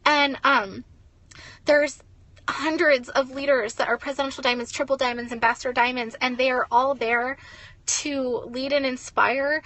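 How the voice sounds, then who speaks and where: A woman's voice: high-pitched, fairly even intonation, normal speed, a bit bright. A young woman giving a blunt, ranting motivational talk as a network marketing leader, swearing and saying "like" a lot.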